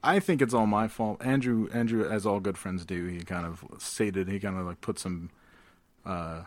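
A man's voice: on the low side, moderate pace. A man co-hosting a podcast in casual comedic chat, riffing and slipping into goofy voices. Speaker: podcast co-host.

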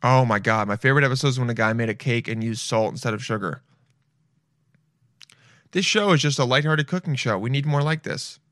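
A man's voice: medium pitch, a little fast, a bit bright, dry recording, clean studio sound. A young man streaming and reacting to videos in loose, swearing, self-mocking casual talk.

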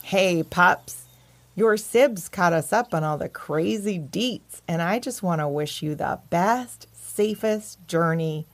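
A woman voicing an encouraging female dance teacher creature who booms her lines. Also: takes it slowly. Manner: booming, encouraging.

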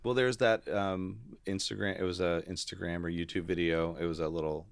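A middle-aged man with a very deep voice talks casually on a podcast. His sound is dry and close. He tells anecdotes and puts on other people's voices as he quotes them. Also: fairly quick, gravelly, smooth, no echo. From United States. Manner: animated storyteller, acts out quoted voices. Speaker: podcast co-host. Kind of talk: casual conversation.

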